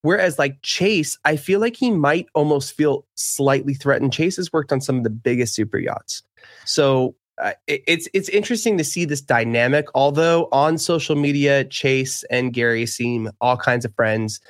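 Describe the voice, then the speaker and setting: A man's voice: medium pitch, normal speed, no room sound. Chatty man co-hosting, dry sound. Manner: animated, hesitant restarts, opinionated. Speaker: podcast co-host. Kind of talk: casual chat.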